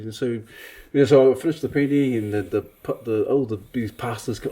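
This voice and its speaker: A man from Samoa talks fast and animated in a casual podcast conversation, telling stories and acting out the lines of others. His voice is dark and husky, and he often restarts his sentences. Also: medium pitch. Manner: animated, acts out quotes, many restarts. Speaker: preacher and artist. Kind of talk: casual podcast chat, storytelling.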